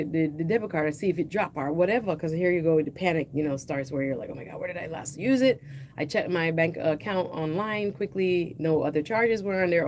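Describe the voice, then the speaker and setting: A middle-aged Jamaican woman telling a story on her livestream in a chatty, animated way, slipping now and then into patois. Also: mid-range voice, a little hiss or hum. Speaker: livestream host.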